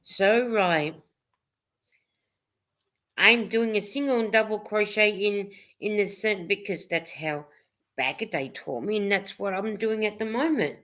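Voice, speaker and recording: A woman's voice: mid-range voice, unhurried, a bit bright. A woman co-hosting a casual livestream chat, reading viewers' comments aloud and laughing often.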